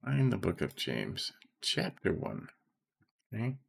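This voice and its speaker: A middle-aged man reading scripture and explaining it in an informal, soft-spoken way, often checking in with "okay?" and slowing down on key phrases. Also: fairly low pitch, huge pitch swings, creaky, slightly rough. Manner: slows right down to stress key phrases. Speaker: Bible study teacher.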